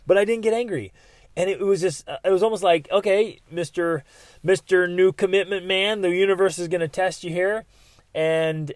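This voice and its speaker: A middle-aged man hosting a podcast, telling personal stories in an animated way and acting out what people said. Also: fairly high pitch, dry recording, studio quality. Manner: animated storyteller, acts out quotes loudly. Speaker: podcast host.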